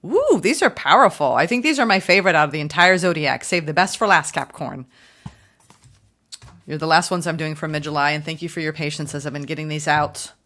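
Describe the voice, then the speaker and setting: A woman reading tarot for her viewers, chatty and upbeat, often gushing with excitement. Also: low voice, fairly quick. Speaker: tarot reader.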